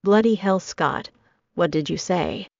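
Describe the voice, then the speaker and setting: A spiteful, furious woman with a harsh, sneering edge, voiced by a woman reading a novel aloud. Her voice is low and gravelly. The sound is dull and dry, with no room around it. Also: expressive, measured pace, a little mellow, no echo, full character voice.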